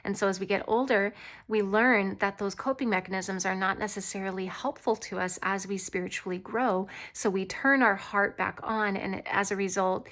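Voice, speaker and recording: A woman with a light voice gives an intuitive tarot reading straight to her viewers. Her pitch sits in the middle of a woman's range, and she talks in an earnest, reassuring way that wanders a little as she goes. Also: fairly even intonation, normal speed. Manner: earnest, reassuring and gently rambling. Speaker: tarot reader.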